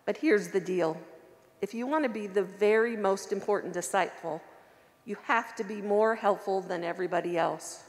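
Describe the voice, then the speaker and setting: A woman reading the lines of a patient, gentle male teacher in a children's story told in church. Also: mid-range voice, normal speed, in a large hall, lightly acted. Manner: patient, explaining kindly.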